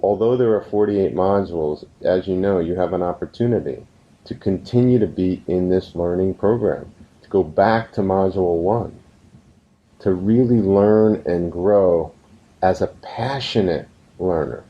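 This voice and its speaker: A man giving an earnest motivational business lesson, telling stories and slowing down to stress his points. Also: low-pitched. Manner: earnest, storytelling, slows down for emphasis. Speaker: business course instructor. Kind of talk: recorded motivational course lesson. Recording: slightly muffled, dull recording.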